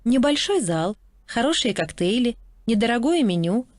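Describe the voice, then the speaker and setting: A woman reading a scripted textbook dialogue with a bright, sing-song delivery. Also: a little high, big pitch swings, normal speed, no echo, studio quality. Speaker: dialogue speaker in lesson audio.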